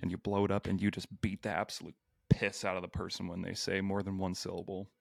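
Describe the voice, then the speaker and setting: A man's voice: deep voice, monotone, quick pace, gravelly, no room sound, studio quality. A man, a healthcare worker, talking as a guest on a podcast in a brash, joking way with plenty of swearing. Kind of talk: casual podcast chat.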